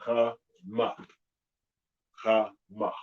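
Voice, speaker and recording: A man teaching a live-streamed alphabet lesson, patiently repeating each sound slowly and clearly. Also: fairly low pitch, little pitch movement, muffled recording. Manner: slow, drawn-out pronunciation drills.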